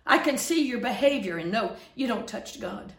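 A middle-aged woman pastor preaching fervently, swinging from loud scolding to hushed earnestness. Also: on the high side, lively intonation, moderate pace, echoey room. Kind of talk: preaching to camera.

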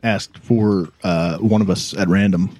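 A dry, understated podcast co-host chatting with friends. His voice is low and husky, and the recording is dry and close. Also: fairly even intonation, unhurried, warm tone, no room sound. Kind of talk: casual chat among friends.

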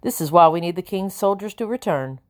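A woman voicing a portly, pompous colonial gentleman who speaks gruffly and dismissively. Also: lowish voice, expressive, a little fast, lightly acted.

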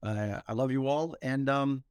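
A man hosting a podcast, telling stories with humor in an animated, motivational way. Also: medium pitch, unhurried, very noisy. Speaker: podcast host. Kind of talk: motivational storytelling talk.

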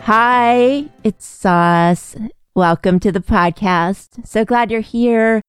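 A middle-aged woman hosting a podcast, speaking in a gentle, earnest and reassuring way in a reflective solo talk. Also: medium pitch, drawn-out words, smooth, soft background music. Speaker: podcast host.

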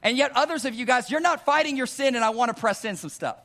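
A man preaching a sermon to a congregation in a church, calling out "amen?" and asking rhetorical questions, moving between hushed earnest pleading and louder emphatic urging. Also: extremely high pitch, fast. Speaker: pastor. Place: church hall before a congregation.

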